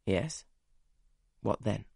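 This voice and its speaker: A man reading as a gruff, teasing gentleman. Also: extremely slow, dry recording, studio quality. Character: brusque, teasing wealthy older gentleman. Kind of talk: audiobook character reading.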